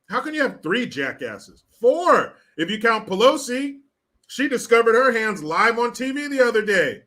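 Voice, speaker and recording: Mocking, bright-voiced male live-streamer. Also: high-pitched. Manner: profane, mocking, conversational. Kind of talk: live-stream commentary reading viewer chat.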